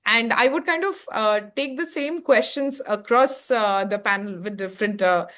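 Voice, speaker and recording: Moderator: Indian English woman, fairly high voice, loose phrasing, on a video call. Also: normal speed, fairly bright tone. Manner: loose phrasing with fillers like "kind of". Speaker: webinar moderator. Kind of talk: webinar panel moderation.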